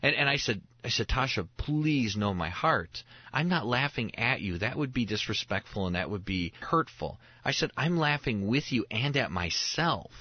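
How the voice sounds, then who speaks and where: A man's voice: mid-range voice, lively intonation, normal speed, few pauses, slightly rough, dry recording, highs cut off. A man in his thirties, a pastor and show host, chatting casually and telling family stories with frequent chuckles and restarts. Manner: storytelling, chuckles often, restarts mid-phrase. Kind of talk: casual chat on a talk show.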